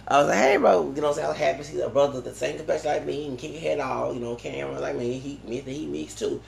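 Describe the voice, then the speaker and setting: A man's voice: medium pitch, fairly even intonation, racing, creaky, echoey room, over a noisy crowd. A man talking in a long, rambling monologue, full of restarts and tag questions like "okay?". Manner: digressive, many restarts and "okay?" tags. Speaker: vlogger.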